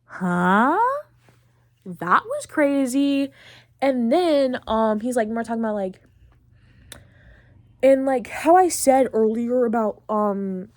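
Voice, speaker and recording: A teenage girl hosting a podcast who recaps a video game in a chatty, excitable way, full of fillers. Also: on the high side, takes it slowly, no room sound. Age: late teens. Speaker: podcast host.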